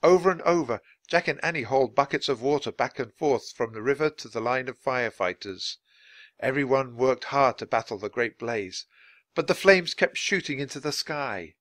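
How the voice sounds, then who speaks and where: A man's voice: medium pitch, animated, normal speed, fairly bright tone, no echo. A man reading a children's chapter book aloud at natural speed for language learners, with dramatic expression. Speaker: narrator.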